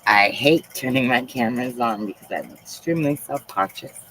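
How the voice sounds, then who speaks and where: A woman live streaming from home, talking in a soft, halting, confiding way with frequent pauses. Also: rumbling low, a little hiss or hum, poor audio. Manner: emotional and confiding. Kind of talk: casual live-stream chat.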